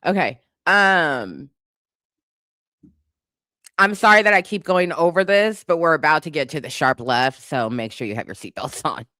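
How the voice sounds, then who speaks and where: A YouTube commentator with a medium-pitched voice reacts to song lyrics from a home living room with a couch and a cat. The delivery is expressive, pushed, and bright at a moderate pace, full of sarcasm and laughter, with clean studio sound and no room tone.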